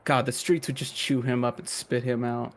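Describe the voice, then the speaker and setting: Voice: mid-range voice, flat delivery, moderate pace. A speaker in casual joking chat among friends, laughing often. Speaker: streamer in art hangout.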